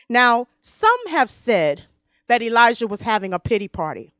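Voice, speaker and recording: A woman preaching a sermon, reading scripture slowly and swinging between loud emphasis and hushed tones. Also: fairly high pitch, sing-song, no room sound, clean studio sound. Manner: reads scripture slowly and deliberately.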